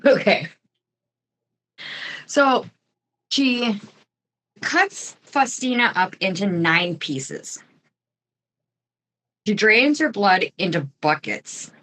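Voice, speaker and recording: A woman hosts a true crime podcast and tells a grim case in an easygoing, conversational way. She talks slowly and drops joking asides between the facts. Her voice sits at a middling pitch. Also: lively intonation, fairly bright tone, rough recording. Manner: chatty, jokey asides while telling a grim story. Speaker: podcast host. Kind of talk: casual true crime storytelling.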